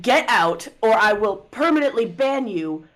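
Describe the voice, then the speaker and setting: A woman's voice: on the high side, expressive, measured pace, fairly bright tone. A woman doing a surly elf bouncer. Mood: threatening. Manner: blunt, threatening. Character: surly elf casino bouncer mob, threatening.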